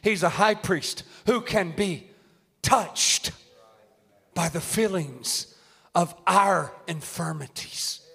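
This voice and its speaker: A man's voice: high voice, takes it slowly, vocal fry, bright, forceful tone. A man preaching a fervent, emphatic sermon in a church. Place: church sanctuary. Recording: long reverb of a large hall.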